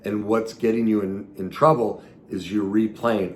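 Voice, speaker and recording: A man with a very low voice hosts a solo podcast as a recovery coach. He talks in an earnest, coaching way, jumping into emphatic bursts and then dropping quiet. A faint background noise sits under the recording. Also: fairly even intonation, normal speed. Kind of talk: solo podcast teaching talk.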